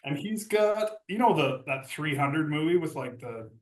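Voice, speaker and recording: A man's voice: a little high, animated, normal speed, echoey room, distant mic. A man telling a casual story as a guest, rambling and laughing, with lots of fillers. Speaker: guest, former hockey captain.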